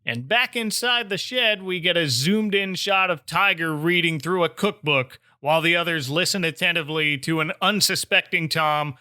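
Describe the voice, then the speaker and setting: A podcast host recapping an old holiday special with wry asides. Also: male voice, a little high, moderate pace, few pauses, pushed and bright, dry recording, studio quality. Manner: narrates plot with wry asides. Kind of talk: casual recap and chat.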